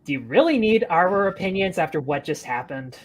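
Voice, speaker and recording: A man's voice: sits high, expressive, brisk. A man in a casual podcast chat, making dry, teasing remarks. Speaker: podcast co-host.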